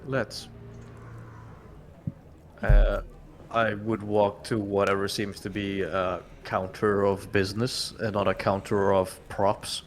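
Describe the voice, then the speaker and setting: A man's voice: lowish voice, level tone, slow, a little hiss or hum. A man playing a tabletop game, making dry, wry jokes in character. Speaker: player.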